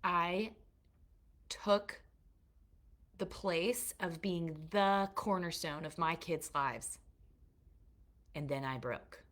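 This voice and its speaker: A woman's voice: lowish voice, extremely slow, pauses often, a bit bright. A middle-aged woman teaching a course for mothers, earnest and confessional, checking in with her listeners as she shares her faith. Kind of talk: heartfelt faith-based teaching to a live online group.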